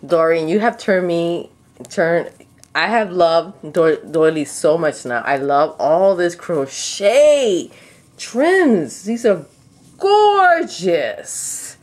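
A woman vlogging an unboxing of a craft kit, gushing with excitement and jumping up into high squeals. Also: slow pace. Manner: gushing, breathless exclamations, leaps to high squeals.

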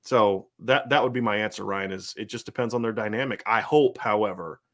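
A man hosting a sports podcast, giving animated football analysis and acting out coaches' voices in quick quotes. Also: lowish voice. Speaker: host. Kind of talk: fast sports analysis chat.

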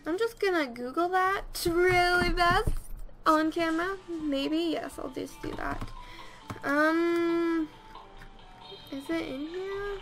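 A woman's voice: very high voice, takes it slowly, a bit bright, faint music behind. A young woman giving rambling, casual commentary over her video game and talking to her characters. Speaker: let's play host.

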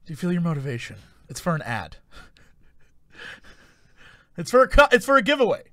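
A man's voice: high-pitched, sing-song, fairly quick, bright, forceful tone, dry recording. Giggly man joking around. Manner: giggly, rambling. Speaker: guest director. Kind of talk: casual chat.

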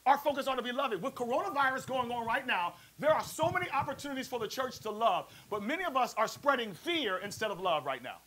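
A man preaching a sermon as pastor, lively and playful, calling on the congregation to answer back. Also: very high-pitched, quick pace, few pauses, low-quality recording. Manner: preachy, call-and-response, playful asides. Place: church service also streamed to a prayer line.

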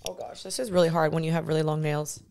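A woman's voice: low-pitched, fairly even intonation, quick pace, creaky, background noise. A woman in her twenties hosting a casual solo podcast, chatty and bubbly, laughing often. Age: 20s. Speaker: podcast host. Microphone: studio podcast mic, seen on camera.

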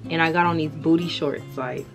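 A woman's voice: low-pitched, fairly even intonation, brisk. A young woman talking casually to her camera at home, slangy and chatty, often breaking off mid-thought. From United States. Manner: chatty, slangy, self-interrupting. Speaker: vlogger. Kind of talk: casual vlog chat. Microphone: camera or phone mic. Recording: music playing behind.

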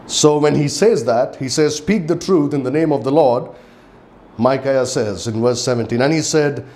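A man's voice: mid-range voice, normal speed, a little mellow. A man with an Indian English accent, a pastor preaching a sermon with emphatic delivery and scripture readings. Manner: emphatic preaching, reads scripture aloud with rising intensity.

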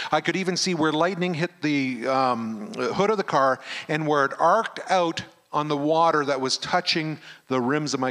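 Middle-aged man, pastor, lively storyteller, fairly high voice. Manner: animated storyteller who acts out the dialogue. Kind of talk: storytelling sermon. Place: camp meeting hall.

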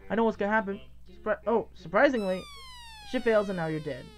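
A woman's voice: medium pitch, lively intonation, fast, a little hiss or hum. A young woman giving casual gameplay commentary, giggling, exclaiming, and reading game text aloud. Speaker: let's play host.

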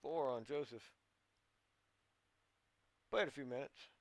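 A man's voice: medium pitch, slow, no echo. A man giving casual play-by-play commentary on a basketball video game, talking like a folksy coach who keeps calling his players boys and son. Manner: gets louder and more urgent during play. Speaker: gaming commentator.

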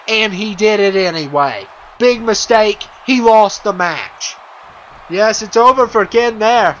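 A man giving playful, excitable wrestling commentary over a video game, chuckling often and full of fillers and restarts. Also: high voice, slow, a little hiss or hum, poor audio.

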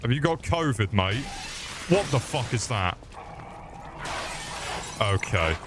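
A man's voice: medium pitch, big pitch swings, slow pace, noisy background. A man streaming a game with crude, mocking comic commentary.

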